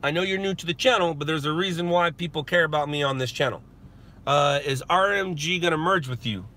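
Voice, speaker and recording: A man's voice: on the high side, brisk, pushed and bright. Chatty man streaming from his car. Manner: joking, chatty, laughs often. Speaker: news stringer and streamer. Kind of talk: casual live-stream chat. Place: inside a parked car. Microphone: phone.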